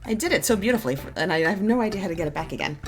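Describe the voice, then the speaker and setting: A woman's voice: lowish voice, expressive, rapid-fire, soft background music. A woman in her thirties chatting casually at home as she unboxes beauty products, wry and self-mocking as she works through the prices. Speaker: beauty vlogger.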